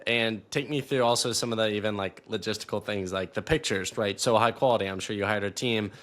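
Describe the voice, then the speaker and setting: A man's voice: fairly low pitch, brisk, a bit bright. A man hosting a podcast, asking friendly, rambling multi-part questions in a casual interview. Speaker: podcast host.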